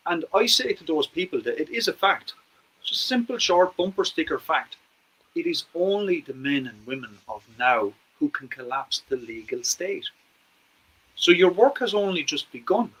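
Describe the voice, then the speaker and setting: A man's voice: a little high, expressive, normal speed, a bit bright, husky, poor audio. A man with an Irish accent hosting a conversational podcast interview. He talks in an earnest, persuasive way and repeats words to stress a point. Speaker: podcast host.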